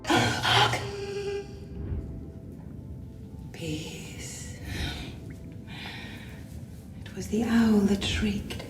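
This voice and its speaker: An actress playing Lady Macbeth, a tense, jumpy noblewoman in a stage drama, speaking in a hushed, halting way. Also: fairly high pitch, very animated, full character voice. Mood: startled whisper. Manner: hushed, halting, whispery delivery. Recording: echoey with music behind.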